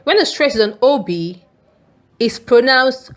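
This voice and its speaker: A woman teacher reads a scripted lesson in a somewhat high voice. She moves at an unhurried, measured pace. Each word is enunciated carefully and deliberately. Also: animated, fairly bright tone.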